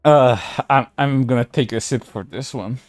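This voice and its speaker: A man's voice: mid-range voice, moderate pace, no echo, clean studio sound, soft background music. A man streaming casual commentary, reading posts aloud in a sarcastic way, laughing and swearing often.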